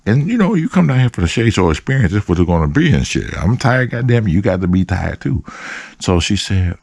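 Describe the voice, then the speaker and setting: A man hosting his own show, telling profane, animated stories and acting out other people's voices. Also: sits low, moderate pace, creaky, slightly rough, dry recording. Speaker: host. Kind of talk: casual storytelling.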